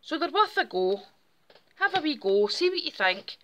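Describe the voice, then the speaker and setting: A woman's voice: sits high, big pitch swings, normal speed, a bit bright. A woman, hosting a casual craft tutorial and chatting step by step in a friendly way. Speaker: craft channel host.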